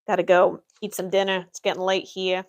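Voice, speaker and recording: Woman streamer, dry deadpan office humor. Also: fairly low pitch, fairly quick, highs cut off. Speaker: livestreamer playing an Imperial office worker. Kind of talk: in-character livestream Q&A.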